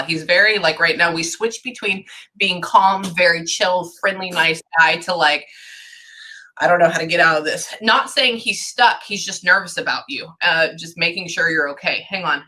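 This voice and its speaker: A woman's voice: on the low side, moderate pace, bright, forceful tone. A woman giving a psychic reading to a client, thinking aloud and stopping herself with "hang on" over and over. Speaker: psychic medium.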